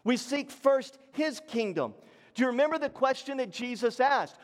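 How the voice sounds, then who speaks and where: Man, pastor, sermon, high voice, rises and falls to a hush, long reverb. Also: expressive, normal speed. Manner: preaching with wide swings from high emphatic to low hushed.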